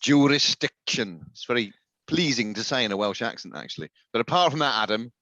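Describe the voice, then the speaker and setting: A man's voice: medium pitch, lively intonation, fast, pushed and bright, dry recording. A man co-hosting a casual podcast chat, with a dry, sardonic manner, chuckling as he reads things out. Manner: dry, sardonic, laughs while reading tweets. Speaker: podcast co-host. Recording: dull, muffled dry sound.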